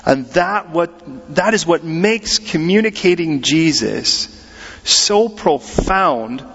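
An American man in middle age preaches in a conversational style, his fairly high voice ringing with a long hall echo. The sound is a bit muffled and dull, as if it was recorded in a big church sanctuary. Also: takes it slowly, husky. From United States. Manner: animated, conversational preaching with acted-out quotes. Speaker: pastor. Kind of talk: sermon.

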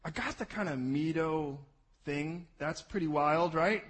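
A man preaching a sermon, animated and jokey, swinging from loud bursts to low asides. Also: a little slow, slightly rough, rough recording. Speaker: pastor.

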